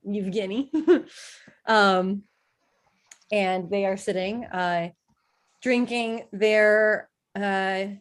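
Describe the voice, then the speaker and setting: A woman narrating a tabletop game as game master, halting with many fillers and easy giggles. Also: mid-range voice.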